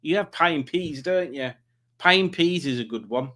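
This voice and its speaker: A man's voice: a little high, moderate pace, a bit bright. A man hosting a live stream, chatting casually and joking while reading out viewer comments. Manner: playful, jokey, chatty asides.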